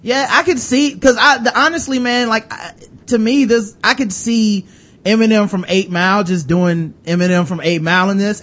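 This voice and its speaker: A man hosting a casual movie review chat, laughing often and acting out voices of the people he mocks. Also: sits high. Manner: laughing, animated, acts out quoted voices.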